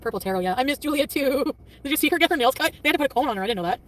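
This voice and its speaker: A woman chatting on a casual livestream, quick and defensive, often laughing and snapping back at commenters. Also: sits high, animated. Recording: distant mic with faint traffic noise.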